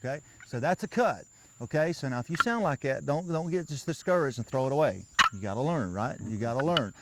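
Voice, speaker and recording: A man's voice: mid-range voice, animated, brisk, very noisy. A man giving a patient, folksy hands-on lesson outdoors, often repeating himself as he coaches a beginner. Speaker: turkey calling instructor.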